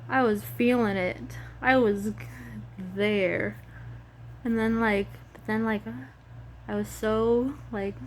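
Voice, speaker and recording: A woman's voice: fairly high pitch, slight background noise. Rambling emotional woman vlogger. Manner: rambling, emotional, many fillers and restarts. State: tearful at times. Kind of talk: casual chat about a video game.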